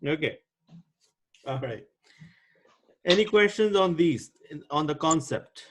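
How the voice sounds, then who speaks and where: A man's voice: a little high, expressive, slow, a bit bright. A man teaching Arabic grammar over a video call, patiently quizzing his students by name. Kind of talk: online class teaching.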